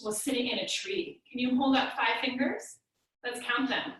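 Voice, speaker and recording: A woman's voice: on the high side, fairly even intonation, moderate pace, fairly bright tone. A woman leading a playful yoga class for small children, telling a rhyme story in a sing-song way. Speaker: kids yoga teacher. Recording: echoey room, mic far off.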